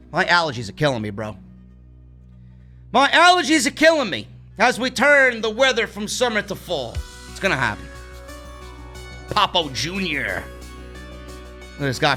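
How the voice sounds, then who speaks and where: A brash man rants through a livestream wrestling review and swears freely. His voice is bright and high for a man. It leaps up and down with a lot of animation over faint background music. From New York. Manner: profane, ranting, brash. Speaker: wrestling show reviewer, podcast host. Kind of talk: livestream rant, casual chat.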